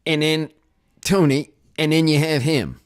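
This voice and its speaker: A man's voice: on the high side, steady tone, measured pace, clean tone, no echo, studio quality. A man hosting a casual livestream podcast, rambling and repeating himself. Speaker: podcast host. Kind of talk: casual chat.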